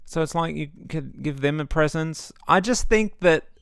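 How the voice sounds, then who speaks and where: A man's voice: a little high, normal speed, gravelly, a bit bright, smooth, dry recording, studio quality. A young man, ranting casually and sarcastically at home, swearing often. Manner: ranty, sweary, sarcastic asides. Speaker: gaming vlogger. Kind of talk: casual opinion rant. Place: home setup.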